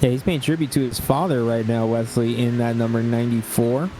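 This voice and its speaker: A man's voice: medium pitch, little pitch movement, a little fast. A man giving color commentary on a sim race over an online call, chatty and asking his partner questions. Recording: online call with faint noise.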